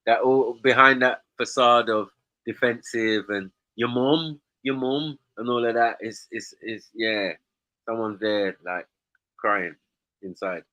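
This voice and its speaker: A man's voice: medium pitch, steady tone, slow, bright, forceful tone, no room sound. A man hosting a casual stream chat, teasing and probing his guest.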